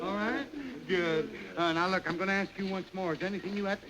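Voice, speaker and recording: A man's voice: high voice, steady tone, quick pace, pushed and bright, rough recording. A man hosting a revue, rambling through a comic sketch in a mock-pompous, playful way. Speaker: master of ceremonies. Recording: hissy 1929 film soundtrack.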